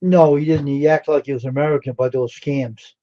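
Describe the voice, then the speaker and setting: A man's voice: a little high, fairly even intonation, fairly quick, warm tone, highs cut off. A man chatting casually on a live stream, retelling a story with lots of repetition. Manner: repetitive, plain-spoken storyteller.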